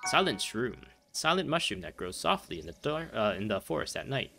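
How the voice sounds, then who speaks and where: A man's voice: mid-range voice, sing-song, fairly quick, vocal fry, music in the background. Rambling, easily distracted gamer guy. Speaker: gameplay commentator. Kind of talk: casual let's play commentary.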